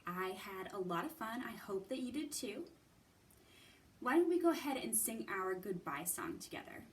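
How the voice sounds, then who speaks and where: A woman librarian reading a picture book aloud and hosting a children's storytime, slow, expressive and gentle. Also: medium pitch, far from the mic, a little hiss or hum.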